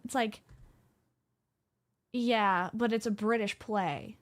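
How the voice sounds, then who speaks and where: An excitable woman streamer, chatting casually from home as she reacts to a game. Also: on the high side, moderate pace. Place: home room.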